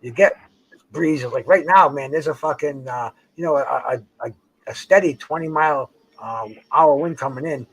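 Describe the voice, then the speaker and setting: Older guy rambling by the water, kinda high voice, cusses a lot, keeps restarting. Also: normal speed, breathy edge. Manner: rambling, profane, stumbling restarts. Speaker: host. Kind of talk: casual chat. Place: outdoors by a dock on the water.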